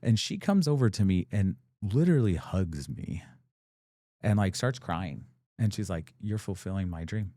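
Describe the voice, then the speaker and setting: An American man, a business owner appearing as a guest, tells his story in a loose, rambling way, packing in "like" fillers and acting out quoted dialogue. His voice is low, very animated, a little slow and warm. The studio-quality recording has no echo.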